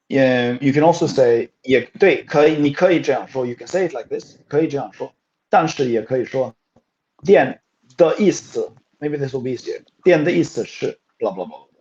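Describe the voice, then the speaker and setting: Mellow-voiced man teaching a language lesson. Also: medium pitch, lively intonation, normal speed. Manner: patient, explaining step by step. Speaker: Chinese teacher. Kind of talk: language lesson with code-switching. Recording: dull lo-fi recording.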